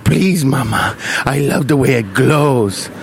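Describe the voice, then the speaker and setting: A man voicing a strange little boy with a put-on German accent, pleading slowly and eerily. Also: mid-range voice, expressive, vocal fry, slight background noise, pitched below the performer's own voice.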